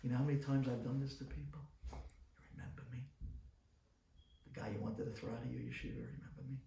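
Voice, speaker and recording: A rabbi giving an inspirational talk, telling stories dramatically and swinging between loud bursts and hushed asides. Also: male voice, mid-range voice, fairly even intonation, racing, creaky, echoey room, recorded from a distance, slight background noise.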